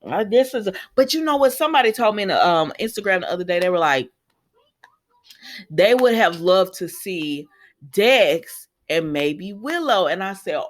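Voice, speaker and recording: A woman's voice: mid-range voice, animated, normal speed. A woman with a mid-range voice chats her way through a soap opera recap. She talks loosely and opinionated, with fillers and side comments throughout. She sounds like a fan talking straight to her viewers. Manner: chatty, opinionated, lots of fillers. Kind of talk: casual recap chat.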